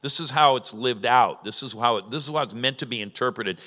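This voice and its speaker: A man's voice: mid-range voice, a little fast, bright, forceful tone. A man preaching a sermon as pastor, teaching in a conversational way with emphatic rises. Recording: long reverb of a large hall.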